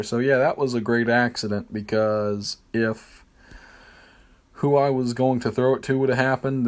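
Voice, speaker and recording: Slow, rambling male game streamer. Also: mid-range voice, darkish tone. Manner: rambling, hesitant, many fillers, self-deprecating. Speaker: streamer playing a football video game. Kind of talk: casual gameplay commentary.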